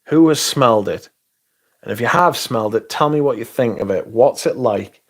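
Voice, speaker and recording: Guy hosting a stream, gravelly voice, swears a lot, dry and sarky. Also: medium pitch, brisk. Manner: sweary, sardonic, reads chat aloud. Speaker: livestream host. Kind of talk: casual livestream chat.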